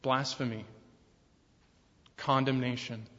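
A man preaching a sermon from the pulpit, building to forceful, louder emphasis on his key points and easing back down between them. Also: mid-range voice, flat delivery, slow pace. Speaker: pastor. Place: church sanctuary. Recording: long reverb, dull lo-fi sound.

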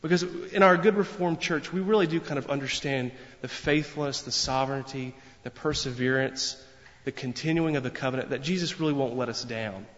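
A man's voice: medium pitch, fairly quick, fairly bright tone. A man preaching a sermon in an earnest, emphatic way, repeating phrases for weight. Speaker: pastor. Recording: long reverb, dull lo-fi sound.

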